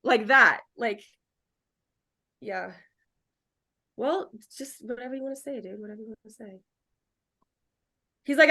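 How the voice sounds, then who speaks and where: Excitable chatty woman, high voice. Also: measured pace, pauses often. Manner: chatty and excitable, heavy on "like" and repeats; casual swearing. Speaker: psychic medium guest. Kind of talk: casual video-call interview. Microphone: video call.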